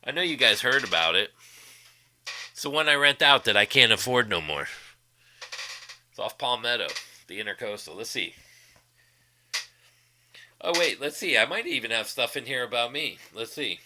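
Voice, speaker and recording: A man's voice: medium pitch, lively intonation, normal speed, long pauses, sharp tone, a little hiss or hum. A man hosting a casual livestream, profanely mocking a rival with frequent laughter. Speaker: livestream host.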